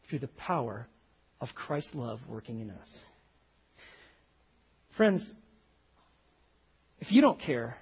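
A man preaching a sermon as a pastor, telling stories and rising to sudden loud emphasis. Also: fairly high pitch, husky, dull audio.

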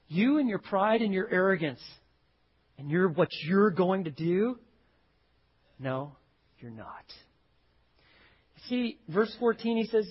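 A male pastor delivers a sermon in a high, slightly husky voice. He moves from quiet, low-key stretches to loud, dramatic readings of quotes. The recording sounds dull and lo-fi. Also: animated, a little slow, pauses often. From Texas. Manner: dramatic swings from hushed to loud, acts out quotes.

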